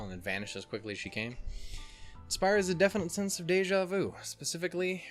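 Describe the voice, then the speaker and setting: A man with a medium-pitched, slightly bright voice plays a visual novel on his channel as a let's player. He reads the game text aloud and breaks it up with rambling, profane, self-deprecating asides in casual commentary.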